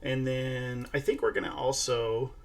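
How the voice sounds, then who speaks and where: Casual tutorial host, male, mid pitch, gravelly texture, chatty. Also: a little slow. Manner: chatty, narrating each step while talking to a toddler. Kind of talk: casual screen-share tutorial.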